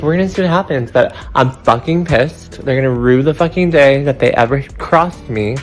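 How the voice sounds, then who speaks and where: A man's voice: mid-range voice, gravelly. Profane, irritated young man venting. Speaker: contestant. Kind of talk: confessional video diary.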